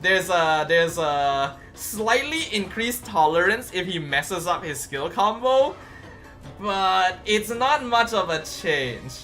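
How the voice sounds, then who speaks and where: A game streamer reviewing patch notes live, chatty and excitable, breaking into loud exclamations. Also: mid-range voice.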